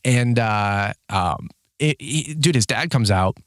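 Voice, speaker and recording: A man in his thirties who owns a lawn care business, telling a rambling story in a casual vlog, full of "like" and "dude", acting out shouted quotes in a higher voice. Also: animated, slow, dry recording, clean studio sound. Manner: heavy use of filler words like "like" and "dude".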